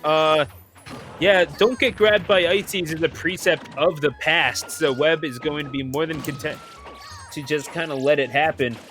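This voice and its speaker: A man commentating an online video game tournament play-by-play, excitable and joking, laughing often. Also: fairly high pitch, a little slow, soft background music. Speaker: esports commentator.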